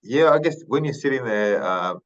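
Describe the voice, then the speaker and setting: A man in his thirties from Papua New Guinea, a podcast guest telling his story in a thoughtful, unhurried way with many fillers and restarts. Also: mid-range voice, lively intonation, fairly bright tone, lo-fi sound. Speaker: podcast guest, retired rugby league player. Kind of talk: casual interview storytelling.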